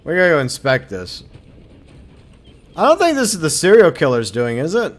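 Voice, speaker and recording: A man's voice: on the high side, wildly swooping pitch, normal speed. A man from Minnesota giving casual, joking commentary as he streams a game, swearing freely.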